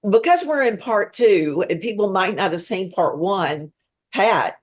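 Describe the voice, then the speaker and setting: A woman author talking as a guest on a podcast, telling stories in a lively, chatty way with quick asides. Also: medium pitch, breathy edge. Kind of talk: casual podcast chat.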